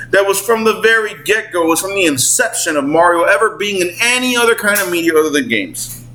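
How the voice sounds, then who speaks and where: Casual male gaming commentator in his forties, excitable and slangy, with lots of pitch movement. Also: slight background noise, poor audio. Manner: excitable, slangy, swears, acts out character voices. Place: at home. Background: clothes dryer running.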